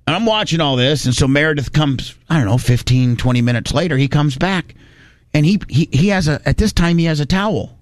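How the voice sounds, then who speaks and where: Man, from Indiana, rambling folksy storytelling, slightly high voice, dry close sound. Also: brisk, no room sound. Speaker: podcast host telling a story. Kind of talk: casual storytelling.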